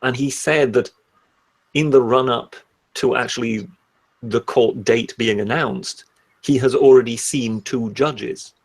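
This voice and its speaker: A man from the United Kingdom, a guest in a casual live stream discussion, speaking in a measured, articulate way. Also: mid-range voice. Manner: measured, articulate, a few restarts.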